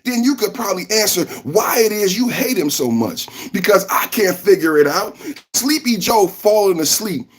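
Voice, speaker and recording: Husky-voiced man hyping a livestream. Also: high-pitched. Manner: animated, repetitive, shouts to chat. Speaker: podcast host. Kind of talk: livestream reaction commentary.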